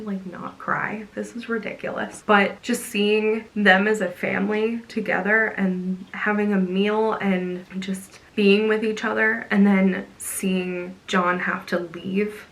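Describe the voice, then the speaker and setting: A woman's voice: mid-range voice, a bit bright, poor audio. A young woman vlogger talking casually and emotionally, with lots of "like" fillers. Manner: gushing, emotional, chatty with many "like" fillers. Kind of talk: casual chat.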